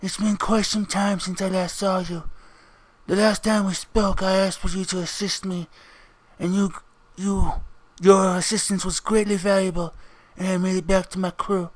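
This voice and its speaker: A man voicing a calm, smooth-talking mob boss who speaks slowly and courteously. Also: sits high, no room sound, natural voice, rough recording. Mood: formal.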